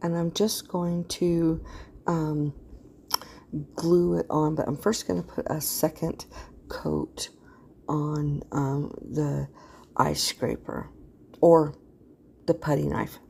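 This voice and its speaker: A woman's voice: low voice, fairly even intonation, takes it slowly, gravelly, long pauses, dark tone, slight background noise. A middle-aged woman casually talking through a craft project in a rambling way, often losing her words. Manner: rambling, loses words, yawns while talking. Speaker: craft channel host. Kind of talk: casual craft tutorial voice-over.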